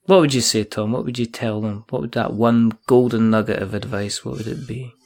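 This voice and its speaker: A man's voice: on the low side, fairly even intonation, brisk, a little mellow. A Scottish man hosting a casual chat over a video call, joking and rambling in a self-deprecating way. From Scotland. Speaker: podcast host.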